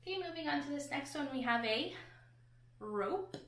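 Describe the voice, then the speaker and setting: A woman's voice: sits high, quick pace, a bit bright. A woman teacher giving a patient phonics lesson to children, sounding out words and letters one at a time. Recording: echoey room.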